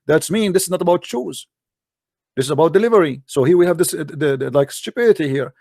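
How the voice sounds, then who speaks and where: A man's voice: a little high, animated, quick pace, gravelly, warm tone, no room sound. Argumentative man, dry close sound. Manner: argumentative, mocking, challenging. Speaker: host. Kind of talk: debate on a live call-in stream.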